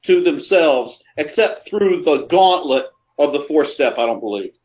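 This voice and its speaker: A man's voice: fairly high pitch, lively intonation, unhurried, darkish tone, poor audio. A middle-aged man, a guest, telling personal stories in a reflective, conversational way. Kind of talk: storytelling conversation.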